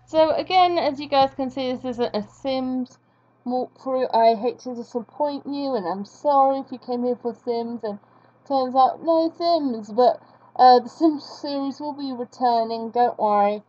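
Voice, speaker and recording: A woman's voice: high voice, unhurried, dark tone. A woman chatting casually as she draws on screen, self-deprecating and humming along while she works. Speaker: vlogger drawing on screen. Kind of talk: casual commentary while drawing. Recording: dull lo-fi recording.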